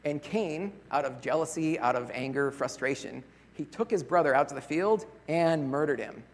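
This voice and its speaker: A man preaching a sermon as a pastor, earnest and conversational, often pausing on rhetorical questions. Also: on the high side, animated. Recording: long reverb of a large hall.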